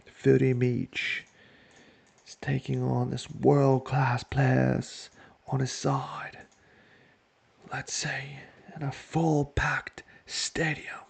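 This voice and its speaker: A man giving casual let's-play commentary on a football management game, joking to himself and shouting when his team scores. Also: medium pitch, vocal fry, slightly rough. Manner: excitable, jokes to himself, shouts at goals. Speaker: video game player.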